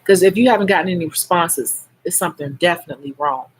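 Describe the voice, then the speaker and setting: A woman's voice: lowish voice, fast talker, breathy edge. A woman with a Chicago accent hosting a casual live stream as a nail technician, chatting frankly and answering viewer comments.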